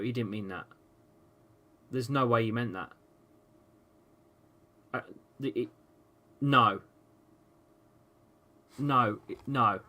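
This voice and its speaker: A man hosting a live football watchalong stream, ranting at the match, swearing and reading out viewers' chat. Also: medium pitch. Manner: excitable, swears freely, rants at the match; reads out viewers' chat messages.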